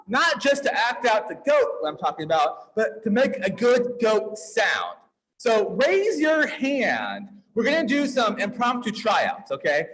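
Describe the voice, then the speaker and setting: Playful male service leader with a strikingly high voice, coaxing the crowd into joining a story. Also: fairly bright tone, rough recording. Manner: playful, encouraging, quick back-and-forth with the crowd. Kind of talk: leading a holiday service with a participatory story. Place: dim room at a congregation gathering.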